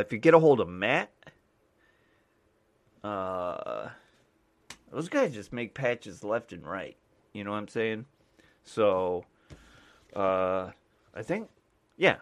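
A man's voice: fairly low pitch, lively intonation, slow pace, pauses often, fairly bright tone. A man from the United States, a mailman and podcast host, rambling casually with lots of fillers and restarts.

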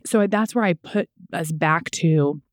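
A woman's voice: on the low side, measured pace, no echo, clean studio sound. A woman co-hosting a faith podcast, speaking in an earnest, reflective and encouraging way. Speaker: podcast co-host. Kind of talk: casual faith podcast chat.

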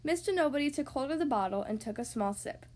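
A woman reads a picture book aloud to young children in a high voice. Her storytelling is gentle and expressive. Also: fast talker. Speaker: podcast host reading to kids.

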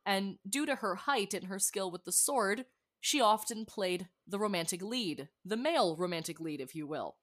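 A woman's voice: medium pitch, animated, normal speed, a bit bright. A woman playing in a tabletop role-playing game who speaks in a bubbly, theatrical way and talks directly to the listeners. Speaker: player. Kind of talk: tabletop game player chat.

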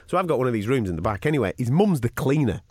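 A man's voice: mid-range voice, rapid-fire, husky, no room sound, clean studio sound. A man, co-hosting a podcast and telling a funny story, slipping into other people's voices as he retells it. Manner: animated, mimics voices while retelling. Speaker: podcast co-host. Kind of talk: casual storytelling chat. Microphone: studio mic.

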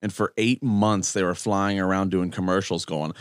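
A man co-hosting a casual podcast, talking in a halting, laid-back way with frequent restarts. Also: low voice, fairly even intonation, clear, resonant tone, no echo, studio quality. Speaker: podcast co-host. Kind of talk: casual chat.

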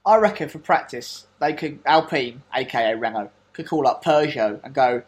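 A man's voice: medium pitch, moderate pace, hardly any pauses, husky. A man co-hosting a podcast, playful and jokey in casual banter. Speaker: podcast co-host.

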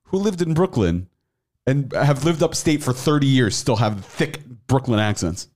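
A man's voice: mid-range voice, expressive, normal speed, darkish tone. A man on a podcast, chatting in an emphatic, matter-of-fact way. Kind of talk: casual chat.

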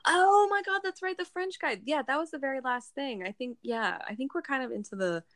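A woman co-hosting a book podcast, recapping a novel in a rambling, animated way full of filler words. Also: sits high, brisk, no echo, clean studio sound. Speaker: book club podcast co-host. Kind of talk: casual chat recapping a novel.

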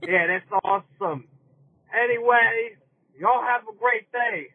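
A man calling into a podcast, loud, eager and rambling. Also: very high-pitched, slow, breathy edge, no echo. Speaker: caller. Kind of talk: phone call to a podcast. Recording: tinny phone line.

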